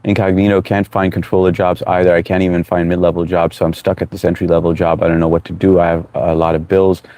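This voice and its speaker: A man with a low, deep voice hosts a relaxed live stream, greeting viewers one by one and reading their comments aloud. His talk is casual and encouraging, like advice from a friend. The sound is dry and close, with little room echo. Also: fast talker.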